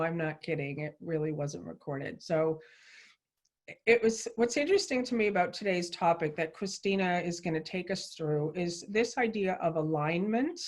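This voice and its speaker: Effusive woman hosting a livestream show. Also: lowish voice. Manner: effusive and enthusiastic, chatty storytelling. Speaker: show host.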